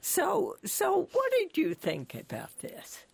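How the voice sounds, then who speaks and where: A woman hosting a radio interview, asking questions in a slow, deliberate and gentle way. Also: extremely high pitch, wildly swooping pitch, creaky. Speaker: radio host.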